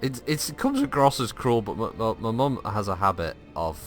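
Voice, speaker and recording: A man giving casual, animated gaming commentary, laughing and swearing freely as he tells stories. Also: fairly low pitch, normal speed, soft background music. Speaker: gameplay streamer.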